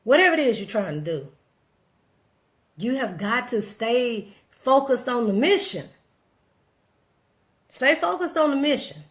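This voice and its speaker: A woman with a Southern US accent giving casual motivational talk on a livestream, animated and preachy, addressing viewers directly and reading their comments. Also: fairly high pitch, measured pace, pauses often. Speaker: vlogger.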